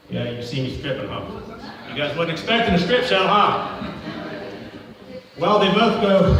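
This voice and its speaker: A man's voice: fairly high pitch, animated, moderate pace. A man doing a stand-up comedy set, telling a rambling, profane story to a live crowd. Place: event hall at a live show. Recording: echoey hall from far off.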